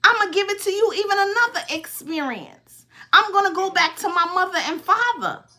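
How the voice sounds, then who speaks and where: A woman in her fifties giving casual, emphatic advice as a tarot reader host. Her voice sits very high and rings bright and clear. She keeps checking that her listener follows along. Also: expressive, moderate pace. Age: 50s.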